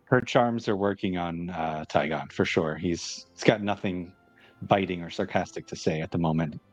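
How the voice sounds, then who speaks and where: Super deep voiced guy playing a tabletop game, laid back, some music behind. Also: normal speed. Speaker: player.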